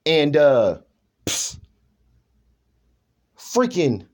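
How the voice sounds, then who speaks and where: A man's voice: on the high side, huge pitch swings, drawn-out words, a little mellow. A man talking in a rambling personal monologue, emphatic, restarting often and checking in with his listener. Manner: emphatic, keeps asking "you know what I'm saying".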